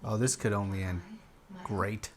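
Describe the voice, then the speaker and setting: A man's voice: fairly low pitch, steady tone, measured pace. A man recapping a movie he just watched and reacting to it in casual chat, loose and rambling, with plenty of swearing.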